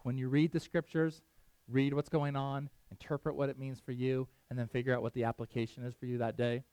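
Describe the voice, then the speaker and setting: A man's voice: medium pitch, flat delivery, a little fast, darkish tone, clear, resonant tone, dry recording. A middle-aged man preaching a casual sermon, chatting with his listeners, asking them questions and laughing often. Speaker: pastor.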